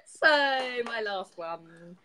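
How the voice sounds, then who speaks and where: A woman hosting a poetry show, reading poems in a steady, even way and chatting briskly with her co-host. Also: fairly high pitch, a little hiss or hum, poor audio. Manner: steady, even reading with quick laughs in chat. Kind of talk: casual chat and reading poetry aloud.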